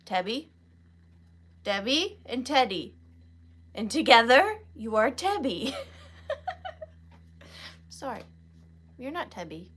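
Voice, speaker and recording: A woman's voice: a little high, sing-song, takes it slowly, pauses often, fairly bright tone, husky. Playful woman hosting a live sale. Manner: playful, greets viewers by name, giggly. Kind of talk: casual live-stream chat. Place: home, evening live stream.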